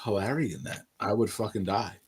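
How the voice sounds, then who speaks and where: A man's voice: fairly low pitch, quick pace, breathy edge. A man co-hosting a casual livestream chat, laid-back with dry quips and frequent chuckles. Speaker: co-host of a livestream.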